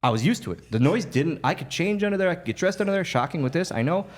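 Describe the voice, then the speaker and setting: A man, a podcast guest, telling stories in an animated way, laughing often and acting out other people's voices. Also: a little high, quick pace. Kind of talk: storytelling on a podcast.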